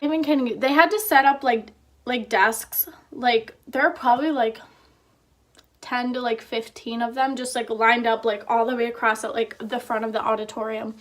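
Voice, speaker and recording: A woman's voice: on the high side, fairly even intonation, normal speed. A young woman vlogger telling a story in a chatty, casual way, with lots of filler words.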